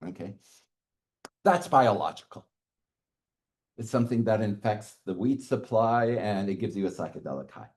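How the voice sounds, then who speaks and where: Man, middle-aged, university lecturer, animated swooping delivery, classroom talk, frequent "okay" check-ins. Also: fairly low pitch, moderate pace, long pauses. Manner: lively, chuckles often, checks in with "okay".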